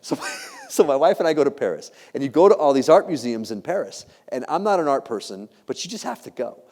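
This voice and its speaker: Man, middle-aged, keynote speaker, animated storyteller, expressive swooping voice, long hall echo. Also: mid-range voice, a little fast. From United States. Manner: animated, jokey, acts out quoted voices. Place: large hall before a live audience.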